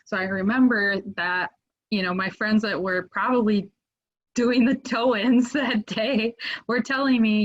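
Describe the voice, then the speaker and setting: A woman guest on a podcast, telling a story casually with lots of "like" fillers and getting animated as it builds. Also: mid-range voice, unhurried, lo-fi sound. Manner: animated, lots of "like" fillers, rises when excited.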